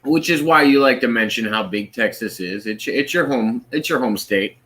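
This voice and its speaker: Bright-voiced man hosting a live stream. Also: medium pitch, moderate pace. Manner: friendly, reads out viewer comments. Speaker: host of a live stream show. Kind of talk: casual chat.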